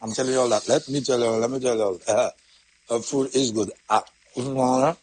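A man's voice: medium pitch, fairly even intonation, brisk, darkish tone, rough recording. A man hosting a casual morning show, chatty and laughing often as he greets listeners by name. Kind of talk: casual live morning chat with sponsor shout-outs.

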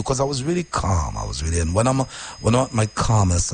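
Radio guy talking real casual, low voice, goes deep and quiet then jumps up high. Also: fairly quick, a little hiss or hum. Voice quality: deep voice when calm. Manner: repetitive, emphatic, swings from quiet and low to high and animated. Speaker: radio host. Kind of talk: casual personal talk.

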